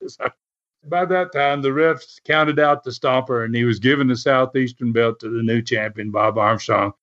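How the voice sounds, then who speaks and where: A man's voice: mid-range voice, moderate pace. Man telling a chuckling wrestling story. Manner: animated, chuckling, fillers like "man". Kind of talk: casual storytelling. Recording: dull lo-fi recording.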